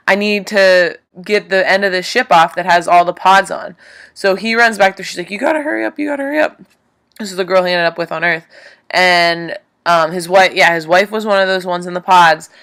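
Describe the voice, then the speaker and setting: Chatty, excitable woman recapping a film. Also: clean tone. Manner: rambling, animated, many fillers, voice jumps high when emotional. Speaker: vlogger retelling a movie. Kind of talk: casual excited movie recap.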